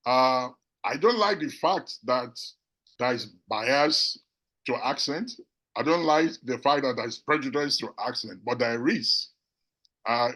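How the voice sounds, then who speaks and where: An older man who came to the country as an immigrant speaks on a panel in an earnest, measured way. His voice sits at a middle pitch, and he thinks out loud as he answers. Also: low-quality recording. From abroad, immigrant to the United States. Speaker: professor and physician on a panel.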